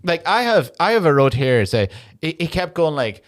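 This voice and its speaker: A man's voice: fairly high pitch, sing-song. Rambling sweary Irish man. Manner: rambling, sweary, quick to mock in put-on quotes. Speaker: podcast co-host. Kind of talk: casual comedy chat.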